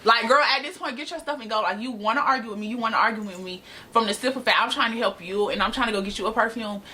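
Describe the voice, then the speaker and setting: A young woman telling a casual, animated storytime to camera, slangy and laughing often. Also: on the high side, fast talker, a little hiss or hum. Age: young adult. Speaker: storytime vlogger. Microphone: camera mic.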